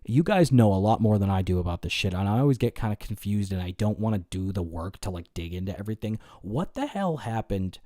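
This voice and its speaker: A man's voice: fairly low pitch, animated, fast talker, few pauses, warm tone, dry recording, studio quality. A man hosting a casual livestream, answering his chat in a rambling, profane way, full of fillers and restarts. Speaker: livestream host.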